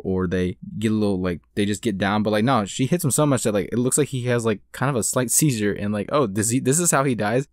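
A man's voice: on the low side, darkish tone, no echo, studio quality. Rambling young man recapping a movie. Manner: rambling, full of "like" and restarts. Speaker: movie reviewer. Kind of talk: casual spoken movie recap.

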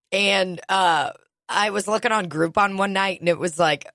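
A woman's voice: mid-range voice, fairly bright tone, dry recording, studio quality. A woman co-hosting a podcast in rambling, giggly casual chat, heavy on "like". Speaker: podcast co-host.

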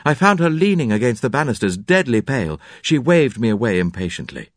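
A man narrating a classic detective story with an expressive, varied delivery. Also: medium pitch, brisk, few pauses, no echo, clean studio sound. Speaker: audiobook narrator.

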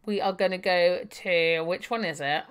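A woman's voice: on the low side, moderate pace, clean tone. A young adult woman giving chatty live gameplay commentary, thinking aloud with fillers and laughing often. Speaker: game streamer.

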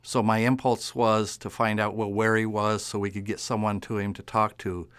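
A male police officer recounting a phone call in a measured, matter-of-fact way. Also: lowish voice, level tone, a bit bright, clean tone. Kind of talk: recalled interview testimony.

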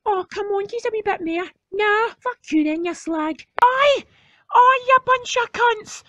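A shrill, whiny little Scottish penguin boy who swears constantly. His cartoon voice sits very high and sounds dry and close to the mic. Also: normal speed, fairly bright tone, no room sound. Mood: bratty. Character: foul-mouthed bratty young male penguin. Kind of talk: comedy fan dub of a cartoon.

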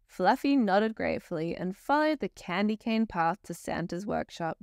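Lively woman reading a children's story. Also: fairly low pitch, normal speed, vocal fry, no room sound, studio quality. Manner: expressive, playful storytelling.

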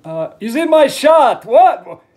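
Dad doing a goofy bear puppet host. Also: male voice, very high-pitched, slow, exaggerated voice. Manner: broken English, playful, excitable.

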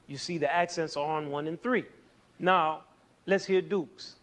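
Host, male: playful music teacher with a slightly high voice who counts beats aloud. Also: normal speed, a bit bright. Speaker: music educator and show host. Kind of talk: scripted music lesson.

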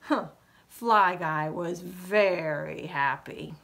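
A middle-aged woman reading a picture book aloud to young children as a librarian, with slow, expressive delivery. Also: mid-range voice, slight background noise. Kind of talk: children's storytime read-aloud.

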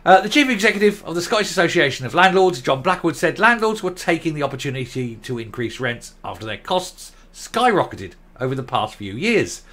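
A man's voice: on the high side, very animated, fairly quick, hardly any pauses, pushed and bright. Blunt, sarcastic male commentator. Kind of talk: ranting commentary.

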